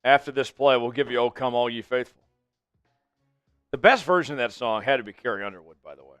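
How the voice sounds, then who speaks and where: A man hosting a live fan stream of a football game, chatting with viewers and calling plays with excited hype. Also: mid-range voice, fast talker, clear, resonant tone, no room sound, soft background music. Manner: excitable, hypes up chat viewers. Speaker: fan livestream host. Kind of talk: live game watch-along chat.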